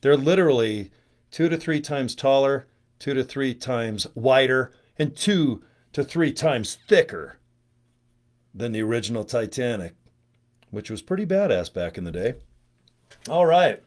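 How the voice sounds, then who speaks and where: A man's voice: medium pitch, lively intonation, unhurried, darkish tone. A man, a network marketing trainer, chatting casually and going off on jokey tangents during a live stream. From United States. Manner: chatty, digressive, joking. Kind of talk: rambling casual livestream. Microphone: webcam or phone on a live stream.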